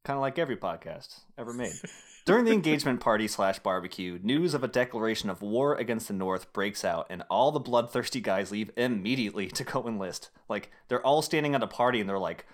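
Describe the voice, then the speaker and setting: A man's voice: lowish voice, lively intonation, fairly quick. A young man hosting a casual podcast, recapping a film with rambling filler-heavy asides and jokes. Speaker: podcast host summarizing a film. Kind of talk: casual chat.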